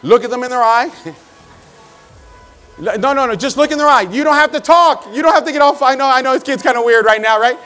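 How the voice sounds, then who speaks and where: High-pitched man hyping a convention crowd. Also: brisk, soft background music. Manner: energetic, shouting crowd directions. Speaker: motivational speaker at a sales convention. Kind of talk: live motivational seminar. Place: large convention hall with a crowd. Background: crowd of hundreds.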